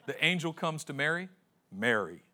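Animated, bright-voiced preacher man. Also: a little high, normal speed. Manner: dramatic storytelling, acting out characters in slangy voices. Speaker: pastor. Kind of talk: sermon.

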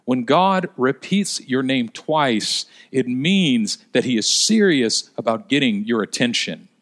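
A male pastor preaching a sermon, telling stories and slowing down for emphasis. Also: mid-range voice, animated. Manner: storytelling, slows down for emphasis.

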